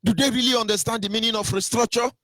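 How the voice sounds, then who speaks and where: A Nigerian man in a heated political monologue, swinging between loud sing-song mockery and low muttering. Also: steady tone, fast talker, no echo.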